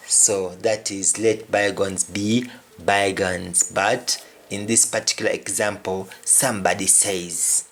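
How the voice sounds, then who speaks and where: Slow, repetitive male language teacher. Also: lowish voice, fairly even intonation, a bit bright. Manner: slow, repeats each word several times. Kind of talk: spoken lesson on patois phrases.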